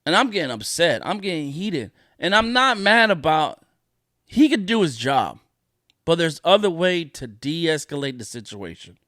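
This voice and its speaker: A man's voice: on the high side, very animated, moderate pace, dry recording, clean studio sound. A man hosting a solo podcast, ranting in a profane, indignant way and repeating his points for emphasis. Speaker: podcast host.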